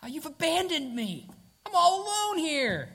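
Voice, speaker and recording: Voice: mid-range voice, expressive, normal speed, pitched above the performer's own voice, close to an everyday voice. A preacher voicing an anxious, demanding biblical woman who complains abruptly. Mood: self-pitying.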